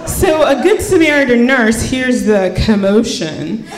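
A woman telling a comedic story on stage, animated and swearing, acting out voices. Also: fairly high pitch, unhurried. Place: live show before a laughing audience. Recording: roomy hall with crowd.

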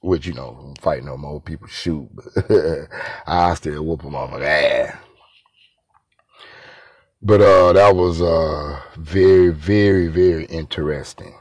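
A man's voice: extremely low pitch, takes it slowly, a little mellow, no echo. A man telling a personal story in a loose, rambling way, full of street slang. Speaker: former inmate telling his story.

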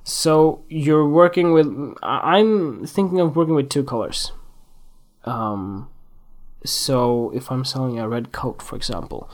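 A casual solo podcaster, a working photographer, who thinks out loud. The talk wanders and restarts, breaks into giggles and silly asides, then drifts back on topic. The pitch sits mid-range. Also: unhurried.

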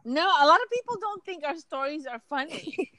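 A woman's voice: sits high, expressive, bright, forceful tone, no echo. A woman in a casual chat, chiming in on a shared memory and laughing along. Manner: interjects, laughs along, slows to make a point. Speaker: podcast co-host.

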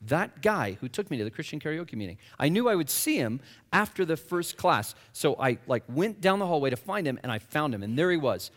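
A man tells a personal faith testimony with a lively voice that swings high and low, acting out his own words as he goes. He sits a little high in pitch, and his voice carries a long hall reverb. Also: fairly quick. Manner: animated storytelling, acts out his own past lines. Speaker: guest speaker.

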